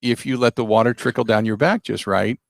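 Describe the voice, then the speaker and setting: A middle-aged man, a radio host, telling a story in a casual, animated, self-deprecating way with a gravelly voice. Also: medium pitch, a little fast, dry recording.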